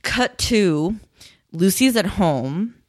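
A woman's voice: mid-range voice, expressive, drawn-out words, darkish tone. A woman chatting casually as a podcast co-host, recapping a show, swearing often and acting out the characters' lines. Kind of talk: casual chat.

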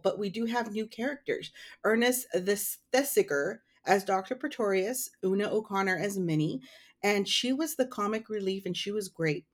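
A woman co-hosting a relaxed podcast conversation. She talks in a chatty, giggly way and wanders through her points with fillers. Nothing formal about her delivery. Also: medium pitch. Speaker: podcast co-host. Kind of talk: casual chat.

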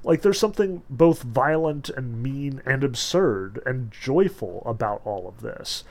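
A man lecturing casually on a novel, reading passages aloud between loose, filler-heavy explanations with animated emphasis. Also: medium pitch, a little slow. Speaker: literature lecturer.

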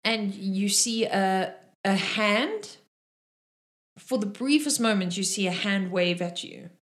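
A woman's voice: medium pitch, lively intonation, slow, fairly bright tone. A woman running a tabletop role-playing game, narrating casually with frequent fillers. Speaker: game master.

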